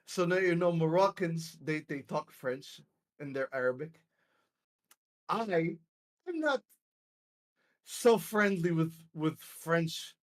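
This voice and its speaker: A young man streaming, chatting casually with friends, telling a story loudly with lots of laughing and swearing. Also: fairly high pitch. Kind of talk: casual chat.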